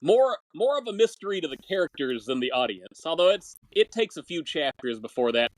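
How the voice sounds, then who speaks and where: A man's voice: on the high side, sing-song, fairly quick, no room sound, rough recording. A man co-hosting a podcast, chatting casually about an old film serial, rambling and searching aloud for words. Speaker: podcast co-host. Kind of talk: casual chat.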